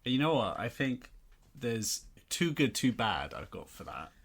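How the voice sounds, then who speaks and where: A man's voice: medium pitch, sing-song, measured pace, a bit bright, slightly rough. A man co-hosting a podcast in casual chat, making dry wisecracks and weighing ideas point by point. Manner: dry wisecracks and structured critique. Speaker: podcast co-host.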